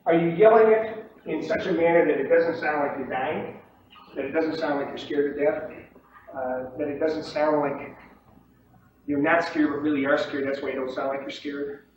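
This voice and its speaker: A man teaching trading to a room of trainees, lively, acting out the shouts and voices of traders on the floor. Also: on the high side, moderate pace. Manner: animated, acts out pit shouts and mimics other traders. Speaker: trading instructor. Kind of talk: lecture to trainees. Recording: distant echoey room, dull lo-fi tape with faint hiss.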